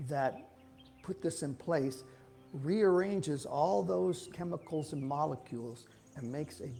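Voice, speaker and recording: A man's voice: fairly high pitch, creaky, mellow. A man giving an informal, folksy sermon at a church, talking in a rambling way with frequent restarts. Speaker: speaker giving a talk at a church.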